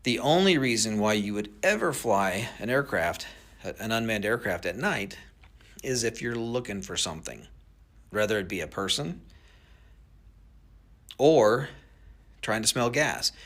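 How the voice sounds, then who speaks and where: A man's voice: fairly low pitch, lively intonation, a little slow, long pauses, a bit bright. A man who works with drones explaining their uses in an interview clip, plainspoken with frequent hesitations. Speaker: drone industry expert.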